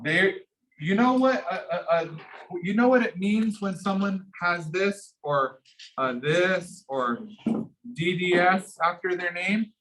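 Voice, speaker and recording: Guy teaching a class, kinda high voice, energetic coach vibe, echoey room, mic a bit far off. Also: takes it slowly. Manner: energetic, coaching, repeats and restarts phrases. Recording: echoey room, speaker off-mic, faint noise.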